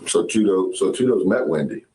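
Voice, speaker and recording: A man's voice: low voice, lively intonation, fairly quick, warm tone. A male interviewer asking methodical questions and restating answers to pin down the details. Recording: roomy with faint hiss.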